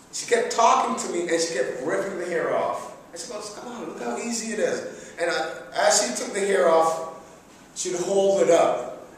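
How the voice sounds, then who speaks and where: Brief: middle-aged male speaker, slightly higher voice, comic self-mocking storyteller, echoey hall mic from afar. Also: recorded from a distance, slight background noise. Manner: animated, chatty, self-mocking. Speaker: public speaker. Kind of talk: humorous speech storytelling. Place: large hall. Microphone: distant room mic.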